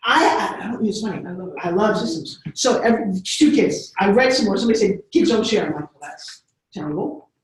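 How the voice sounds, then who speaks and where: A middle-aged woman telling stories in an animated way, often acting out voices. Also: mid-range voice, fairly quick. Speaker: speaker. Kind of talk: storytelling talk. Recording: echoey room, far from mic.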